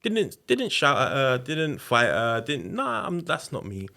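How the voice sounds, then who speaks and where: A man's voice: mid-range voice, very animated, a little slow, vocal fry, bright, forceful tone. A man, telling a personal story in a candid, conversational way as a podcast guest. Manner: candid, conversational, re-enacts quotes. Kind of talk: casual storytelling interview.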